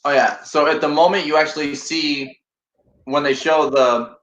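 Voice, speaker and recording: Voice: medium pitch, fairly even intonation, normal speed, fairly bright tone. Roomy, lo-fi livestream host. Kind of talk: casual livestream chat. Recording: roomy, dull lo-fi sound.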